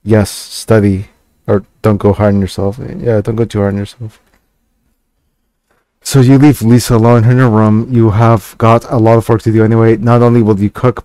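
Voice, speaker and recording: Man, low voice, mellow tone, dry sound, reading a story game aloud, halting asides. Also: no echo. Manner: hesitant asides with fillers and restarts. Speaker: gaming channel host.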